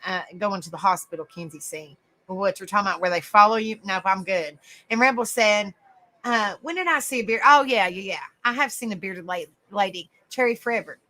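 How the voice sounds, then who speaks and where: A woman hosting a livestream, chatting to viewers and telling a rambling, animated story. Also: medium pitch, poor audio. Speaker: livestream host. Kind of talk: casual live-chat storytelling.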